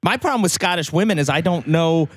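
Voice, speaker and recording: A man co-hosting a podcast, loud and laughing, swearing through casual banter. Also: a little high, expressive, fast. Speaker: podcast host.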